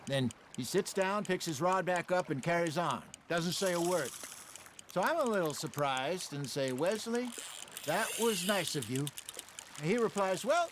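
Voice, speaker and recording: An actor playing a genial older outlaw who spins wry folksy yarns in a game. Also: male voice, high voice, lively intonation, measured pace. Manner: folksy, wry yarn-spinning. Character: older man, genial seasoned outlaw storyteller. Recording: game audio with loud background noise.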